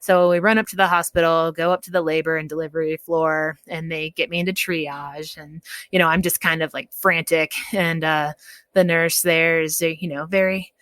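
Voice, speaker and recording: A woman with a slightly low voice tells her birth story in relaxed, chatty podcast talk. She laughs easily as she goes and slips into the voices of the people in the story. The sound is dry, with no room around it. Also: moderate pace, clear, resonant tone, no room sound. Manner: lively storyteller, laughs often, acts out quoted people. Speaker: podcast guest. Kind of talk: casual chat, telling a birth story.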